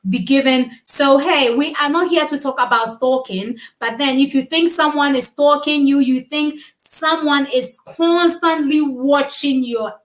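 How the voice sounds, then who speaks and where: A woman's voice: high voice, measured pace, hardly any pauses. A woman co-hosting a casual chat, talking earnestly and emphatically, often repeating her words. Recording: echoey room.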